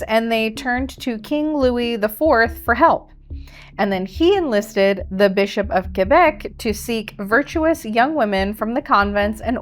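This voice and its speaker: A woman co-hosting a podcast, reading a history segment in a steady, playful storyteller manner. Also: on the high side. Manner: steady storyteller, playful, laughs at own slips.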